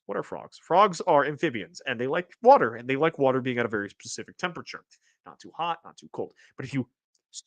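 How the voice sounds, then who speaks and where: A man hosting a casual livestream, reading chat aloud and rambling, with restarts and sudden excited jumps in pitch. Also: no room sound. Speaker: streamer host reading chat.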